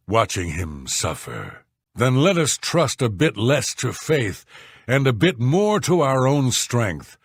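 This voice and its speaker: Gruff game warriors and townsfolk. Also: male voice, mid-range voice, a bit bright, no room sound, clean studio sound, exaggerated voice. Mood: worried. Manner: gruff, blunt, scornful. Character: rough male Nord warriors, guards, sailors, townsfolk. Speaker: video game voice actor. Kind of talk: video game character dialogue.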